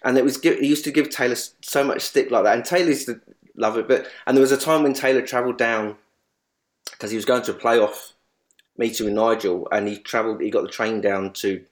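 A man in speedway journalism, sharing memories of a late colleague in a halting, repetitive way, often restarting sentences. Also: mid-range voice, steady tone. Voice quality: halting, many restarts and repeats. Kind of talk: emotional tribute reminiscence.

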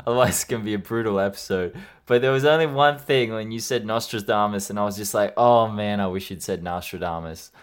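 A man's voice: lowish voice, a little fast, few pauses, smooth. A man co-hosting a podcast in casual banter, teasing his partner and laughing often. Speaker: podcast co-host.

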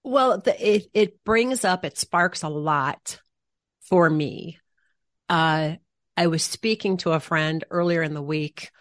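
A woman co-hosting a podcast thinks aloud in a relaxed, reflective way, at times searching for words. Her voice sits low for a woman. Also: takes it slowly. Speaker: podcast co-host. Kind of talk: casual chat.

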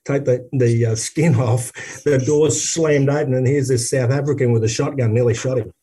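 An Australian man spins a tour story in casual chat, his voice warm and mellow. He talks with lots of restarts and builds the yarn with energy. He sounds set back a little from the microphone. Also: mid-range voice, normal speed, distant mic. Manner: animated anecdote teller, many restarts. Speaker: former rugby player, guest.

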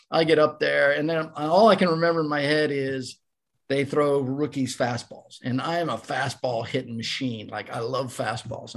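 A man's voice: mid-range voice, gravelly. An older man, a former ballplayer, telling a casual story as a podcast guest and acting out the voices of the people in it. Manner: animated storyteller, acts out quoted voices.

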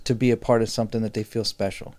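A man's voice: lowish voice, little pitch movement, fast, a little mellow. A man co-hosting a podcast, talking casually and breaking into fiery, preachy bursts. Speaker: podcast co-host.

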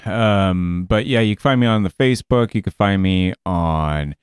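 A low-voiced man with a smooth, resonant tone chats casually as a musical guest. His words come dry and close, and he jokes and lets his thoughts trail away. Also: normal speed, no room sound. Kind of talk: casual podcast chat.

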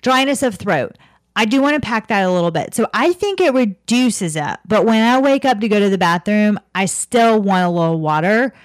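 A woman's voice: medium pitch, animated, moderate pace, no room sound, clean studio sound. A woman co-hosting a casual chat show, chatty and laughing often as she tells stories. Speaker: podcast co-host.

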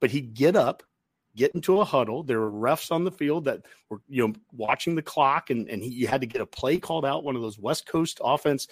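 A man co-hosting a sports podcast, talking in a casual, animated way and getting worked up as he goes. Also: medium pitch, brisk, husky, dry recording. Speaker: podcast co-host.

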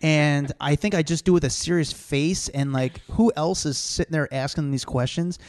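A man's voice: on the high side, moderate pace, a little mellow. A man hosting a podcast, telling rambling stories full of fillers in a casual chat. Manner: rambling storyteller, filler-heavy. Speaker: podcast host.

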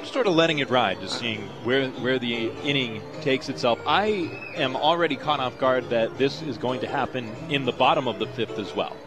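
Radio booth partner with music behind. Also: male voice, mid-range voice, normal speed, hardly any pauses. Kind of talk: casual radio booth banter.

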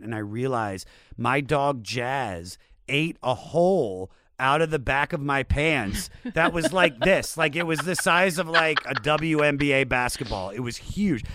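A man's voice: mid-range voice, a bit bright, no room sound, clean studio sound. Man telling a rambling, profane story. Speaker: podcast host. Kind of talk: casual podcast chat.

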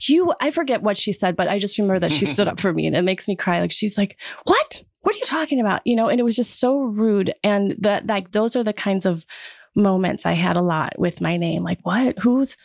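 A woman's voice: medium pitch, fairly quick, gravelly, no room sound, clean studio sound. A woman in her fifties from Wisconsin, telling personal stories in a casual group talk and acting out the voices of people she quotes. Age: 50s. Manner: lively storyteller, acts out quoted voices. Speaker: podcast guest sharing her story.

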